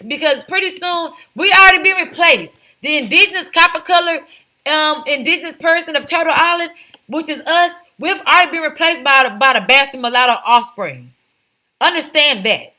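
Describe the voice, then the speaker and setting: A woman with a high, sharp, bright voice delivers opinionated vlog commentary. She talks emphatically, piling up rhetorical questions and asides to her viewers. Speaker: commentary vlogger. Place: home, lives in Texas.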